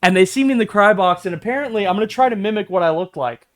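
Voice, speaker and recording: A young man telling a workplace story in a casual, profane, animated rant, swinging between low mutters and loud bursts. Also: fast talker. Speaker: vlogger.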